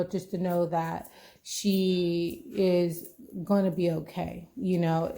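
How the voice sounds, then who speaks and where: Mellow-voiced young woman chatting casually. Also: lowish voice. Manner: rambling, full of "like" and "you know". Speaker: podcast host. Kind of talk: casual chat.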